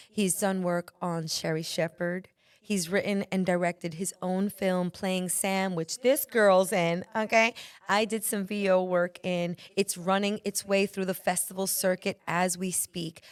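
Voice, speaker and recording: A woman hosting a podcast in a lively, playful and chatty way. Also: on the low side, measured pace, clean tone, dry recording. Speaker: podcast host.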